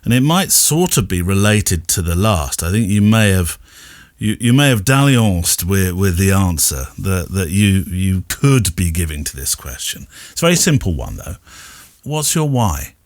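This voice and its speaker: A man hosting an interview, asking his question in halting, searching phrases. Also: low voice, sing-song, dry recording, studio quality. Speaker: podcast host.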